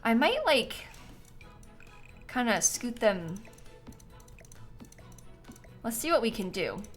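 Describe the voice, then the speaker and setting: A woman with a bright, high-leaning voice chats her way through a game stream, giggly and talkative. Her pitch swings freely as she thanks viewers, and soft music plays underneath. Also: sing-song, takes it slowly. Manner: chatty and giggly, reads out chat donations. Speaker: livestream host. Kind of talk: casual chat while gaming.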